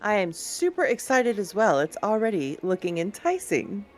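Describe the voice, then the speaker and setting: A woman's voice: medium pitch, sing-song, moderate pace, darkish tone, poor audio. A woman joining as a guest streamer in a casual game tour chat, friendly and enthusiastic, laughing easily.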